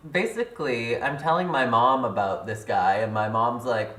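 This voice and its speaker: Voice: medium pitch, fairly quick, hardly any pauses, fairly bright tone. Chatty young vlogger in a roomy space. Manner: chatty, leans heavily on "like" and "literally". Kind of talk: casual storytelling to camera. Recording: roomy sound from a distance.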